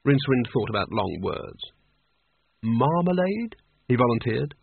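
A man reading a story aloud as narrator in a dry, measured way, with a husky voice. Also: medium pitch, no room sound. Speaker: audiobook reader. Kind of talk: scripted narration. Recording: tinny phone-like sound, dry.

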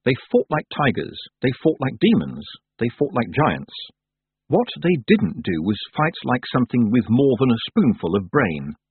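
A male narrator reads a storybook aloud with dramatic expression. His voice is very husky and swings widely in pitch, and it comes through dry and narrow, like over a phone. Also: huge pitch swings, normal speed, dry recording. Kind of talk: storybook reading.

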